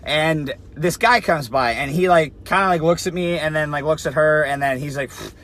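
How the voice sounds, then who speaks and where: A man's voice: fairly high pitch, moderate pace, fairly bright tone. A young man telling a story to camera in a casual, blunt way, swearing a lot and saying "like" often. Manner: blunt, heavy swearing, lots of "like". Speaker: fitness influencer.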